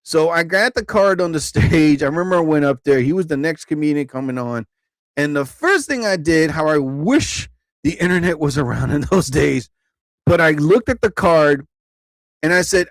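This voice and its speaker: A man hosting a live stream, telling rambling stand-up stories casually, laughing often and jumping into higher voices to act out quotes. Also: lively intonation, normal speed, no echo. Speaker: live show host, comedian.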